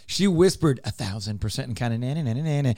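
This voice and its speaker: A man hosting a talk radio show, driving home each point with emphatic repetition. His voice sits at an ordinary middle pitch. The studio sound is close and dry, with no room echo. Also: lively intonation, fast talker, dark tone. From Texas. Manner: emphatic, explanatory, repeats points. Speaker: radio show host, real estate broker.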